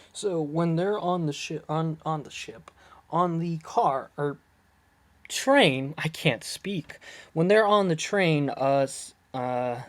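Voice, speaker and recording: A person casually recapping a TV episode, rambling, laughing often, losing track of words and getting excited when puzzled. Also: mid-range voice, slow pace. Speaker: video creator reviewing a TV episode. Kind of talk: casual chatty episode breakdown.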